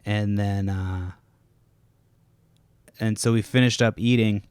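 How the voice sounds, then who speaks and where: A man's voice: on the low side, steady tone, slow pace, a little mellow, clean tone, no echo. A man hosting a casual solo podcast from home, rambling, swearing often and stopping mid-sentence to restart. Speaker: podcast host. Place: home, kids nearby.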